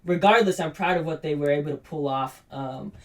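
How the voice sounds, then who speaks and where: A man co-hosting a podcast, chatting excitedly and profanely as an esports fan. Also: on the high side, brisk, distant mic, crowd noise. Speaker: podcast co-host. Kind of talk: casual podcast chat. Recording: voice from off the mic, flawed audio.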